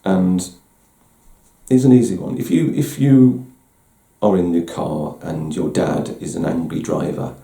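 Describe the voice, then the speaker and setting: Low gravelly man, roomy echo. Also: steady tone, unhurried, dark tone. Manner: candid, self-deprecating, with frequent restarts. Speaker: host. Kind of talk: reflective personal talk.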